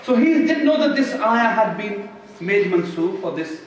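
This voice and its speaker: High-voiced preacher echoing in a hall. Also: male voice, expressive, slight background noise. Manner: impassioned, slows for emphasis, recites Arabic verses quickly. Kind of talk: Friday sermon. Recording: echoey hall from far off.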